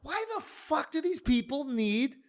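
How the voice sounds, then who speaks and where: A man hosting a podcast, bantering in an excitable, profane way. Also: very high voice, unhurried. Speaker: podcast host. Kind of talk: casual podcast chat.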